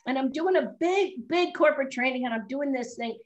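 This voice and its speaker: A middle-aged woman chats on a podcast, laughing freely as she tells her stories. Her voice sits a little high and bounces with energy. She talks in a casual, unscripted way. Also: brisk, lo-fi sound. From Chicago area. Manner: animated storyteller, laughs often. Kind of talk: casual chat.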